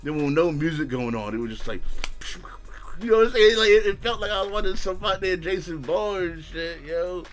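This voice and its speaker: A young man hosting an anime reaction channel, ranting casually in profane slang and breaking into shouts and laughs. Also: sits high, lively intonation, brisk, soft background music. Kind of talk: casual reaction review rant.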